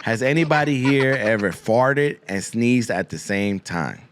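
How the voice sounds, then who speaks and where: A man's voice: medium pitch, lively intonation, unhurried, background noise. A man hosting a podcast, rambling through a crude comic monologue full of swearing and Spanish slang, often repeating himself. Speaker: podcast host.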